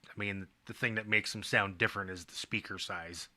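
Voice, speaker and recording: A man chatting on a live stream about guitar gear, with quick joking asides. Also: lowish voice, steady tone, bright, forceful tone. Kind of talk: casual live-stream chat.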